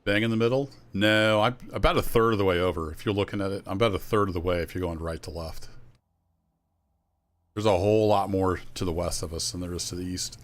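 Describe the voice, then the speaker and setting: Man, Midwestern accent, deep low voice, chatty, self-deprecating, live gameplay commentary. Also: fairly even intonation, a little fast. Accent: General Midwestern American. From Northeast Missouri, US. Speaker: game streamer.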